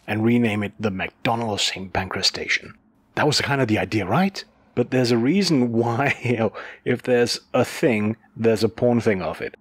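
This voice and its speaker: A man's voice: medium pitch, a little hiss or hum. A man co-hosting a podcast who explains news stories in a chatty, casual way. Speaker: podcast co-host. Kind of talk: casual chat.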